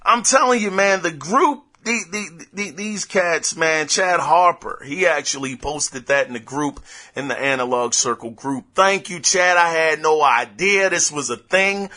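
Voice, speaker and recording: A young adult man hosting a casual gaming news podcast, rambling and excitable as he talks off the cuff. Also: on the high side, measured pace. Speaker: podcast host.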